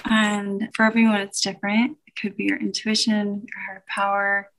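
A woman guest in a casual interview conversation, speaking in a halting, reflective way and warmly affirming her host. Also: medium pitch, little pitch movement. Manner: halting and reflective, many fillers and restarts, warm affirmations. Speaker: interview guest and business owner.

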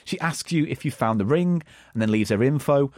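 A man's voice: medium pitch, animated, a little fast, darkish tone, no echo, studio quality. A man hosting a podcast in casual banter, giggly and playful. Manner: giggly, playful, jumping into silly voices. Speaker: podcast host.

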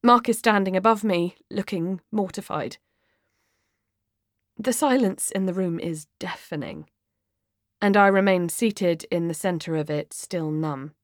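A woman reading a first-person audiobook in an expressive, dramatic way. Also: lowish voice, unhurried, dry recording, studio quality. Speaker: audiobook narrator.

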